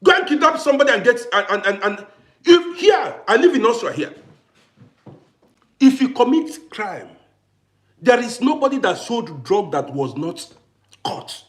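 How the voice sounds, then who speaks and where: A man's voice: very high-pitched, sing-song, moderate pace, pauses often, fairly bright tone. A man with grown children, ranting to camera on his vlog in an emphatic, repetitive, challenging way. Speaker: vlogger. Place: living in Austria.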